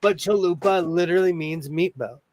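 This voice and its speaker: A man's voice: sits high, moderate pace, slight background noise. A man hosting a casual sewing chat, telling stories and laughing often. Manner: animated storyteller who laughs often. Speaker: host.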